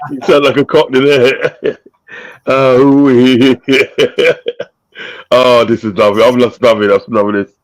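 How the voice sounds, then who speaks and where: A man's voice: medium pitch, level tone, a little slow, poor audio. A man hosting a casual live-stream chat, reading out viewers' messages with frequent laughter. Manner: laughs often, reads out chat shout-outs. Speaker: host.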